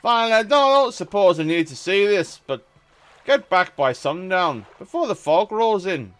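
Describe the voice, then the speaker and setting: A man's voice: high-pitched, big pitch swings, moderate pace, a bit bright, voice pushed up. A man voicing a short, bossy harbor mayor in a theatrical put-on accent. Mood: pompous welcoming.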